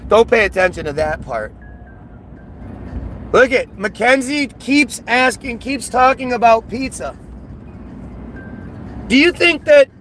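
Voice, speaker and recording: A man with a high, bright, sharp-edged voice delivers an agitated, scornful live-stream rant, circling back and repeating himself as he answers viewers. Faint outdoor traffic hums underneath. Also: poor audio. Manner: agitated, scornful, repetitive ranting. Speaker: livestreamer reacting to chat.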